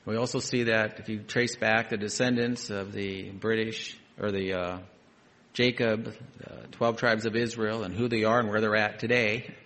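A man's voice: lowish voice, little pitch movement, moderate pace. Male preacher, scripture reading with conversational asides. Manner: reads scripture aloud, then adds conversational asides, dropping to quiet emphasis. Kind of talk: sermon.

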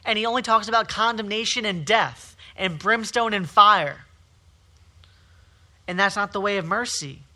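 A man preaching an emphatic, repetitive sermon, swinging between forceful calls and quieter stretches. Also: high voice, moderate pace. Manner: emphatic, repetitive preaching with rising and falling intensity.

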